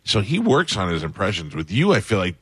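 A man's voice: on the low side, huge pitch swings, a little fast, a bit bright, breathy edge, no room sound. A man hosting a radio show, chatting casually and enthusiastically with his guest. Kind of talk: casual interview chat.

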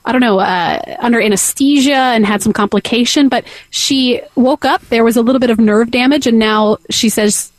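A woman's voice: fairly high pitch, moderate pace, hardly any pauses, dry recording. Chatty giggly radio co-host woman. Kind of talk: radio show banter. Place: radio studio.

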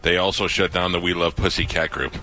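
A man co-hosting a radio comedy show, reading jokes and firing quick wisecracks. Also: low-pitched, fairly even intonation, pushed and bright. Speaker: radio co-host. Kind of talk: joking banter.

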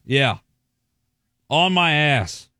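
A man's voice: a little high, lively intonation, drawn-out words, sharp tone, no room sound, clean studio sound. Blunt, crude co-host in his thirties. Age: 30s. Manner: blunt, crude, complaining, mocking impressions. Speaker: radio co-host. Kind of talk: casual radio banter. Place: radio studio.

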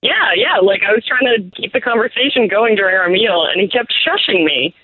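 A woman's voice: medium pitch, expressive, fairly quick, slightly rough, no room sound. Woman on a tinny phone line. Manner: embarrassed, nervous laughter. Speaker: caller. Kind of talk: phone call on air.

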